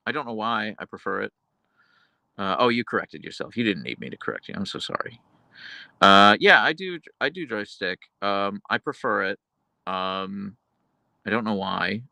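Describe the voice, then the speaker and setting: A man's voice: fairly low pitch, animated, moderate pace, creaky, pauses often, pushed and bright, dry recording. A man hosting a livestream, reading viewer messages and rambling casually with lots of fillers and self-corrections. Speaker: livestream host reading chat.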